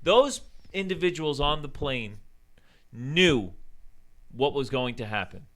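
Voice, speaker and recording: A man's voice: medium pitch, slow pace. A man co-hosting a podcast, ranting heatedly with mocking asides. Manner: animated, mocking impressions of politicians. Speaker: podcast co-host. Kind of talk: heated rant.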